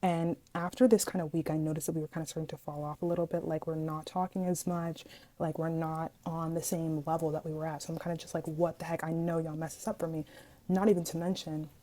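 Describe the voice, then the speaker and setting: A young woman vlogger telling a story from school in an animated, dramatic way, acting out what people said. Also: deep voice, fast talker. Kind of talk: casual storytime vlog.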